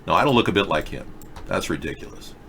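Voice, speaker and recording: A middle-aged man hosts a loose live video chat show, joking and rambling off on sarcastic tangents. His voice swoops up and down, lively and animated, with a faint hum of noise behind it. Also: low-pitched, fast. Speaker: talk show host reading viewer chat.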